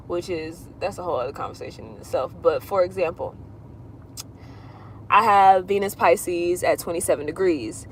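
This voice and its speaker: A woman's voice: lowish voice, slight background noise. A woman astrologer chatting casually on a livestream, answering viewer questions in a loose, rambling way that drifts in circles. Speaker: astrologer doing readings.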